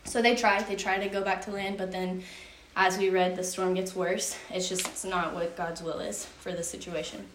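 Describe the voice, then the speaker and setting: A woman's voice: fairly low pitch, flat delivery, normal speed, hardly any pauses, a little hiss or hum. A young woman leading a group in casual Bible teaching, retelling a story in a chatty way full of "like" and asides. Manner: chatty, filler-heavy storytelling with frequent "like". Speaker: youth Bible study leader. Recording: roomy echo from a distance.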